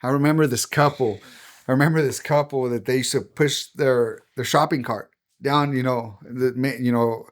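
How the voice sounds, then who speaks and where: A man's voice: medium pitch, fairly even intonation, normal speed. A middle-aged man, a pastor, telling his personal testimony as a podcast guest in an earnest, heartfelt way.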